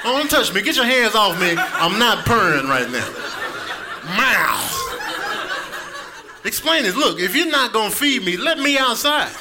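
A male comedian voicing a bossy, indignant hungry house cat, loud and complaining. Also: high-pitched, very animated, measured pace, pitched above the performer's own voice, exaggerated voice. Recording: noisy live club recording.

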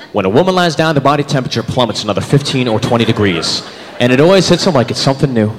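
A man's voice: medium pitch, animated, racing. A man in his thirties performing a stand-up comedy set, acting out characters in shifting voices. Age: 30s. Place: comedy club stage with live audience. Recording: live hall recording, crowd laughter.

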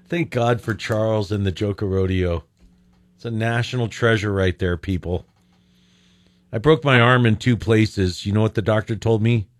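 A man's voice: lowish voice, a little slow, dry recording. A man hosting a call-in radio show, joking with callers and laughing often. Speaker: radio host.

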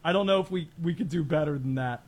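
A man hosting a sports talk show, chatty and excitable, laughing easily. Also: on the high side, quick pace. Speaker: sports radio host.

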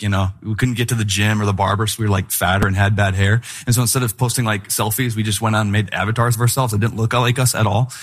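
A male pastor giving a conversational sermon in an animated, candid way, with humorous asides. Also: mid-range voice.

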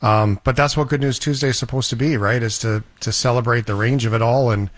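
A man's voice: medium pitch, steady tone, a little fast, dry recording. A man hosting a casual chat, reflective and easygoing, with a joking edge. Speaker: host.

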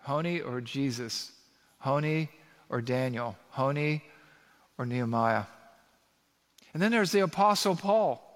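A pastor preaching an animated sermon, reading scripture aloud and building to emphatic peaks. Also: male voice, medium pitch, a little slow, pauses often. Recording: long reverb of a large hall.

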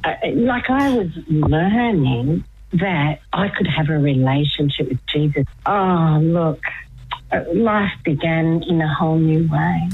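A woman's voice: deep voice, slow pace, slightly rough. A woman guest on a radio show, speaking earnestly and laughing often as she chats. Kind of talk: casual radio chat by phone. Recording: tinny phone line.

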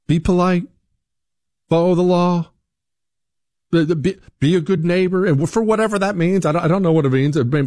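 A political commentator host, a man with a fairly high voice, delivers an opinion monologue in clean, echo-free studio sound. He's emphatic and animated, firing off rhetorical questions, acting out quoted voices, and often restarting and repeating words.

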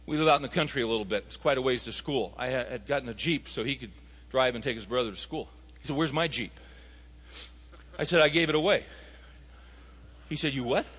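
A man's voice: medium pitch, fairly bright tone, breathy edge, long reverb tail. A man preaching a sermon, telling stories and rising to emphatic appeals to his listeners. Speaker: pastor.

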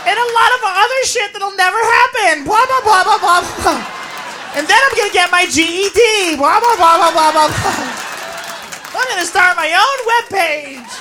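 A woman playing a drunk young woman at a ladies' night, loud, crude and whooping. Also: very high-pitched, expressive, normal speed, over a noisy crowd, very noisy. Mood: gushing.

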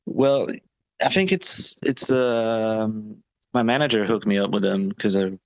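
A man's voice: on the low side, unhurried, no room sound, muffled recording. A man answering interview questions about touring, talking casually with many fillers and restarts. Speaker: touring musician, interview guest.

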